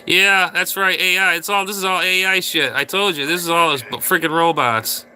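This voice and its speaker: A man's voice: sits high, steady tone, normal speed, bright, forceful tone. A man hosting a casual livestream, rambling and ranting crudely at viewers in chat. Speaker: livestream host.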